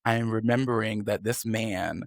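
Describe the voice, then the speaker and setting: Animated man telling a story. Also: normal speed, gravelly, no echo, clean studio sound. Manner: animated, swings into high mocking voices when quoting. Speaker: podcast host. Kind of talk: candid storytelling chat.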